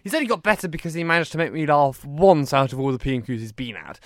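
A man's voice: a little high, lively intonation, quick pace, no room sound, clean studio sound. A young man co-hosting a casual political podcast, chatting with wry quips. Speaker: podcast co-host.

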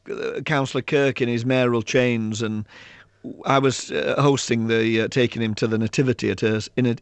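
Guy, author spinning funny school stories, gravelly voice, dry sound. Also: mid-range voice, no echo. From South Yorkshire, England. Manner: lively raconteur, acts out children's voices, laughs often. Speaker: author and guest. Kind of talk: anecdotal storytelling in an interview.

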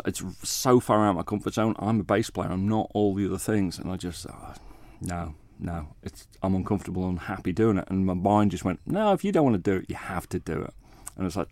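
A man, a bass player, chatting as a radio guest in a modest, rambling way, acting out what others said to him. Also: a little mellow, dry recording. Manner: modest, rambling, acts out quoted talk. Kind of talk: casual interview chat.

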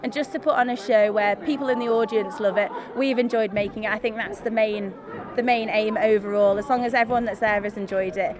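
A woman's voice: medium pitch, fairly even intonation, fairly quick, crowd noise. A woman who is a teacher, talking enthusiastically about a concert she performed in. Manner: bubbly, enthusiastic, laughs often. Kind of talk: casual chat.

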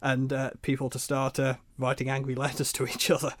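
A man speaking as an expert guest on a radio show, measured and hesitant with fillers. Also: medium pitch, monotone, no room sound, clean studio sound. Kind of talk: radio interview answer.

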